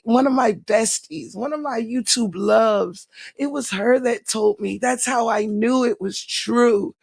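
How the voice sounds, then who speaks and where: A woman's voice: medium pitch, vocal fry, breathy edge. A woman live streaming, chatting casually with her viewers in a gushing, theatrical, giggly way and slipping into a mock-dramatic diary recital.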